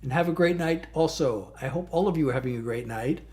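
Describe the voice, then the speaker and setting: A man who sings his own songs, chatting with his livestream viewers from a bedroom studio in a soft-spoken, rambling and thankful way. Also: fairly high pitch, a little fast. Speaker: singer-songwriter livestreamer. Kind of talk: casual chat with livestream viewers.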